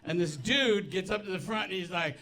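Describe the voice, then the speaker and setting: Brisk and sharp-toned, with a high voice, this comedian rambles through stand-up stories before a laughing live audience. He keeps cutting himself off with restarts, asides, and laughter.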